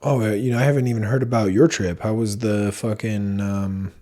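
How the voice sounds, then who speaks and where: A man's voice: fairly low pitch, steady tone, a little fast, warm tone. A man co-hosting a podcast in a casual chat, laid-back, giving short reactions and questions. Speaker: podcast co-host.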